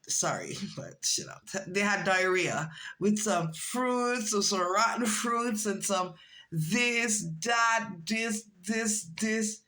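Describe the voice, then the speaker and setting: In a low-quality recording, a woman in her forties with a fairly high-pitched voice slowly tells a personal story as a vlogger. Her casual monologue is animated, and she acts out the quoted voices of others.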